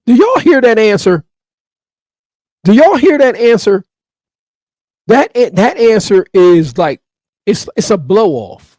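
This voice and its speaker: Emphatic high-voiced sports ranter, man. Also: animated, moderate pace, long pauses, darkish tone, dry recording, clean studio sound. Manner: emphatic, repeats his points. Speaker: sports commentator. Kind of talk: opinion commentary rant.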